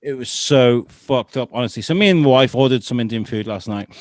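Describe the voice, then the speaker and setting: Male podcast co-host, animated sweary storyteller, mid pitch, dry close mic. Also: a little fast, no echo. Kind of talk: casual chat.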